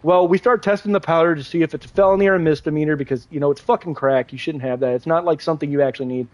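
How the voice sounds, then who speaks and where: A man's voice: fairly high pitch, steady tone, rapid-fire, no room sound. A young man livestreaming a game, rambling through a casual story with lots of fillers and restarts. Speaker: gaming livestreamer.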